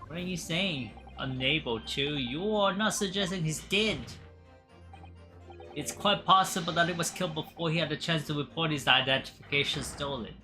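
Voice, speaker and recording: A woman's voice: sits low, moderate pace, soft background music. A woman streaming a courtroom game, reading its dialogue aloud and breaking off to laugh and joke. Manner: laughs often, playful and animated. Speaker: gaming streamer. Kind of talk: let's play with read-aloud dialogue.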